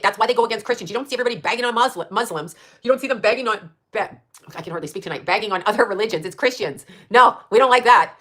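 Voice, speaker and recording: A woman's voice: medium pitch, a bit bright. A woman hosting a stream, ranting in a rambling, profane monologue full of rhetorical questions.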